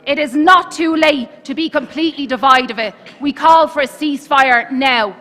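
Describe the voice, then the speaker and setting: Forceful high-voiced woman in a reverberant hall. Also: moderate pace, a little hiss or hum. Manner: forceful, urgent. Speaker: parliamentarian. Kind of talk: formal speech at an assembly. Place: large assembly hall.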